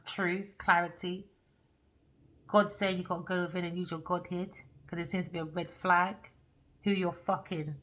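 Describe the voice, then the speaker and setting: A woman's voice: lowish voice, pushed and bright. A woman giving a rambling, emphatic tarot reading, swearing freely. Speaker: tarot reader. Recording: dull lo-fi recording.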